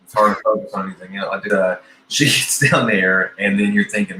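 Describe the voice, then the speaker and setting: A man chatting casually about a film on a podcast, relaxed and crude, often stopping and restarting. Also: fairly low pitch, brisk. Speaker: podcast guest. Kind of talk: casual movie discussion. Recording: echoey room with faint hiss.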